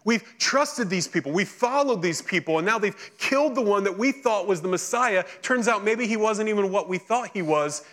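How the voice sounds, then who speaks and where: A male pastor preaching a sermon, reading scripture and then retelling it in lively, casual speech. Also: high voice, normal speed, hardly any pauses.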